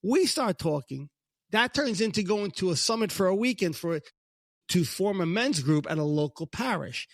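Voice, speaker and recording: High-voiced Brooklyn man telling a story. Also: moderate pace, no echo, clean studio sound. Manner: animated storyteller, acts out God's lines in a higher voice. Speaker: podcast co-host. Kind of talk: casual faith podcast chat.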